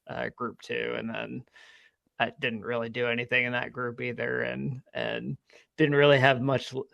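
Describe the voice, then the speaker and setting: Relaxed guy on a podcast, kinda gravelly voice, dry close mic, lots of "like" and "uh". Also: mid-range voice, normal speed, no echo, muffled recording. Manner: laid-back, self-deprecating, many fillers. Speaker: podcast co-host. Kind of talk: casual chat.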